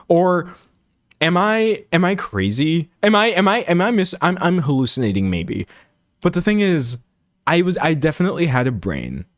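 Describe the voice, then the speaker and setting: A man riffing through a live stream, reading chat and doubling back on his own sentences with self-mocking asides. His voice sits in an ordinary middle pitch, and the sound is dry and close with no room around it. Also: no echo. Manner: animated and rambling, self-mocking, many restarts.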